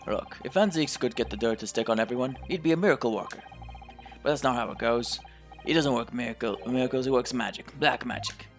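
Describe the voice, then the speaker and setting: A man's voice: medium pitch, a little fast, faint music behind, natural voice. A man voicing a blunt, dismissive middle-aged police inspector in a put-on British accent while playing a game.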